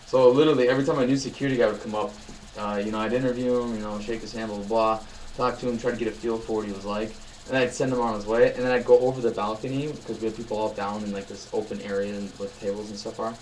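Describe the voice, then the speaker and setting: A man's voice: on the low side, flat delivery, rapid-fire, a little mellow, a little hiss or hum, rough recording. A young man vlogging in a casual chat, telling rambling, upbeat stories full of fillers.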